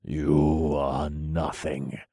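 A man's voice: deep voice, expressive, takes it slowly, a little mellow, husky, no echo, studio quality, exaggerated voice. A man voicing a determined young swordsman hero, speaking in a firm, clipped, commanding way. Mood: defiant. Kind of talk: audiobook character voice.

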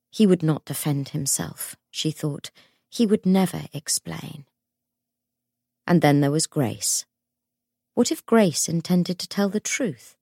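Low-voiced woman narrating an audiobook. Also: darkish tone, dry recording, studio quality. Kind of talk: scripted narration.

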